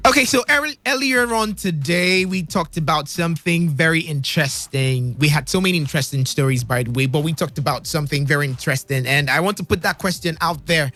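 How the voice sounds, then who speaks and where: A man hosting a radio show in an excitable, playful way, laughing often. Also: on the high side, brisk, few pauses, faint music behind. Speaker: radio host. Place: radio studio.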